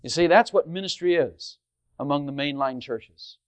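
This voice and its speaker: Animated male preacher, fairly high voice. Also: moderate pace, smooth. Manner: animated, rising to loud emphatic questions; addresses congregation directly with rhetorical questions. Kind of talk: sermon.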